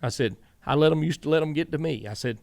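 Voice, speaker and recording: A middle-aged man with a Southern US accent, a former racing crew chief appearing as an interview guest, rambles through long stories and quotes himself and others. His voice sits on the high side, a little mellow with vocal fry, and he talks at a quick pace. The casual storytelling interview is recorded with clean studio sound and no echo.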